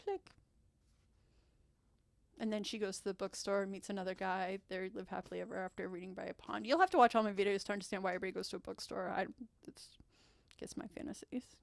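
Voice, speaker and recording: A woman hosting her own channel, retelling stories in a chatty, animated way full of rambling asides and self-corrections. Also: mid-range voice, fast, creaky, no room sound. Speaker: channel host. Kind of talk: chatty storytelling vlog.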